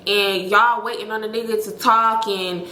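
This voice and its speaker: A woman of twenty-eight telling her viewers a story in a casual, blunt, animated way, swearing freely and calling them y'all. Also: mid-range voice, moderate pace. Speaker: storytime vlogger. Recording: echoey room.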